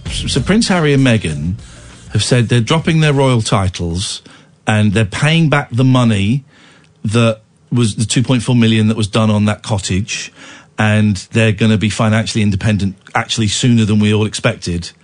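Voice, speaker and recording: A man's voice: lowish voice, normal speed. A man hosting late-night talk radio, tired with a cold, talking in a playful, mock-indignant way. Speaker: radio host.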